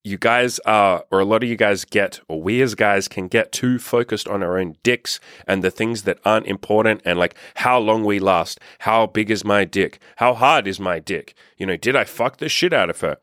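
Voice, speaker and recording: A man's voice: lowish voice, normal speed, few pauses, a bit bright, no echo, clean studio sound. A man talking as a dating coach, giving blunt, profane, emphatic advice straight to his viewers. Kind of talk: direct-to-camera advice monologue.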